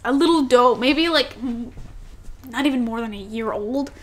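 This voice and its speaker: A young woman co-hosting a podcast, telling a story in a casual, animated way, laughing and swearing freely. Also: on the high side, normal speed. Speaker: podcast co-host.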